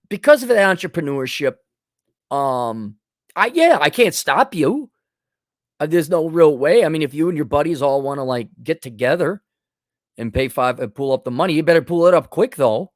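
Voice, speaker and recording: A man's voice: a little high, sing-song, normal speed, no room sound, clean studio sound. A middle-aged man hosting a livestream, reading super chats in a blunt, sarcastic, mocking way. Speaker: host.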